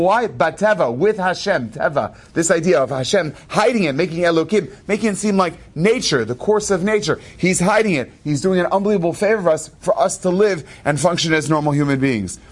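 A man telling an inspirational story in an animated, quick way, with asides and laughs. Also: fairly high pitch. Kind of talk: storytelling talk.

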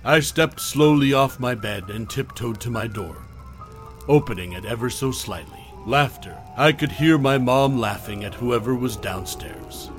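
A man narrating a horror story in a soft, hushed storytelling voice, often trailing off low at the ends of lines. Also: unhurried, faint music behind.

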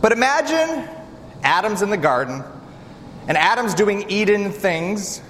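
A man preaching a sermon, animated and direct, often asking the congregation rhetorical questions. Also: sits high, unhurried, a little hiss or hum. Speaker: pastor. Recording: reverberant hall with faint ambience.

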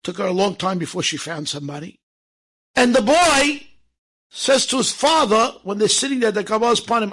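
A man telling stories to an audience in a lively way, acting out the people in them and slipping in Hebrew phrases. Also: high voice, moderate pace, slightly rough. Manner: lively, acts out quoted speech, sprinkles Hebrew phrases. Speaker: storyteller. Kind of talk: animated storytelling to an audience.

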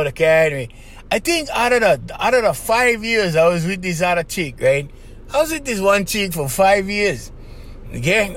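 A man hosting a podcast, giving casual advice in an animated monologue, laughing often and acting out little voices. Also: high-pitched. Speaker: podcast host.

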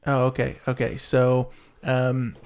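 A man hosting a casual podcast, talking in a relaxed way with many fillers. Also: medium pitch, slow pace, clean tone. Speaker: podcast host. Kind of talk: casual chat.

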